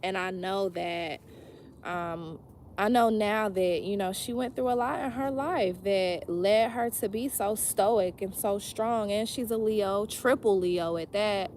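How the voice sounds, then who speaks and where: Brief: woman tarot reader, unhurried delivery, frank and cussing, hammers points by repeating them, faint background hum. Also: medium pitch, a little mellow, low-quality recording. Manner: blunt, profane and emphatic, talking straight to the viewer; repeats phrases for emphasis. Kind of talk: casual weekly tarot reading.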